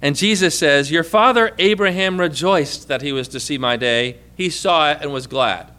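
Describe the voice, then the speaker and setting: Male preacher, high and bright, teaching a sermon with call-and-response questions. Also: normal speed. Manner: asks the congregation questions and prompts answers; reads scripture aloud with emphatic stress.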